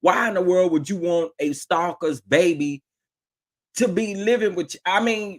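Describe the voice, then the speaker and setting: A man's voice: sits high, measured pace. A man hosting a reaction commentary, talking back at a played call, incredulous and exclaiming, repeating lines for emphasis. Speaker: commentary vlogger.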